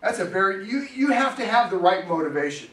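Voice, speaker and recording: High-voiced man preaching in an echoey church. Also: very animated, fairly quick, a bit bright. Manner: chatty, storytelling preacher who laughs often. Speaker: pastor. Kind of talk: sermon. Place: church sanctuary. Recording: echoey church hall, distant mic, faint noise.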